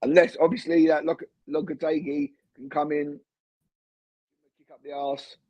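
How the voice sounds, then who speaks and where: A man co-hosting a casual football podcast over a video call, talking in a relaxed, rambling way. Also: fairly high pitch, moderate pace, no room sound. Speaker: podcast co-host. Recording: dull, dry lo-fi call audio.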